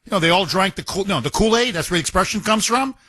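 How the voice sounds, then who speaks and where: A man's voice: sits high, animated, quick pace, bright, forceful tone, no echo. A man hosting a talk radio show, delivering an indignant, emphatic monologue and often stumbling over and repeating his words.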